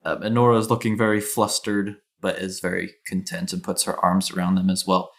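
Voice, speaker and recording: A man's voice: sits low, level tone, fairly quick, gravelly, a bit bright. A man narrating a tabletop fantasy game as game master, hesitant, with many ums and restarts.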